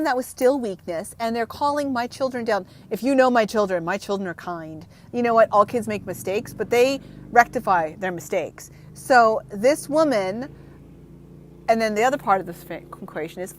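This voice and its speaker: A woman's voice: fairly high pitch, slight background noise. A woman in her thirties chatting frankly in an unedited vlog, rambling and close to tears, with some swearing. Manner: emotional, on the verge of tears. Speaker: vlogger. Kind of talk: unedited casual vlog chat.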